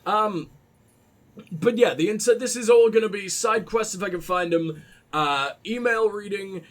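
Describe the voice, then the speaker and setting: A man hosts a video game let's play, tired after a late night, rambling, gushing about the game, and swearing freely. His voice sits high with a fairly bright tone, at a measured pace.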